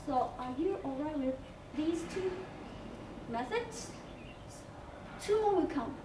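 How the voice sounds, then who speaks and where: High, lively woman teacher from afar. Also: slow pace, recorded from a distance. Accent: Hong Kong English. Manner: explains step by step, spells out letters, many fillers. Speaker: English teacher. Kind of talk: recorded class lesson on campus TV. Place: school room. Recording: echoey room, off-mic, faint hiss.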